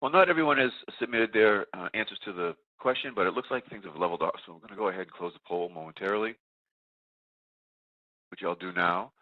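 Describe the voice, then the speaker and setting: Brief: very low-voiced webinar moderator, stuffed up with a cold, tinny phone-line audio, procedural delivery. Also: male voice, fast talker, no echo. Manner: steady, procedural, self-correcting. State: congested from a cold. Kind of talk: running audience polls.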